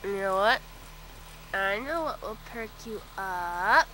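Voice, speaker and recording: A woman's voice: mid-range voice, animated, takes it slowly, sharp tone. A woman filming her cat at home on a handheld camera, talking to it in teasing baby talk. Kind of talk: home video narration. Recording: noisy home video.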